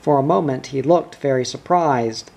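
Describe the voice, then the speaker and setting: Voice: medium pitch, normal speed, vocal fry, mellow, slightly rough, muffled recording. A narrator reading a children's storybook aloud.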